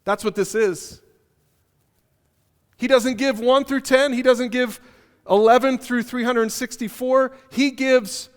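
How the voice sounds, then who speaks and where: High-voiced man preaching in a reverberant hall. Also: slow, pauses often, clean tone. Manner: animated storytelling with humor, repeats key phrases. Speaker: pastor. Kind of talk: conversational sermon. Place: church auditorium.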